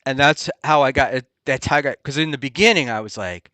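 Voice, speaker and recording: A man's voice: medium pitch, sharp tone, no room sound. Rambling man hosting a casual chat. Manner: rambling, halting with many ums and restarts. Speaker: podcast host. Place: Hoboken area, New Jersey.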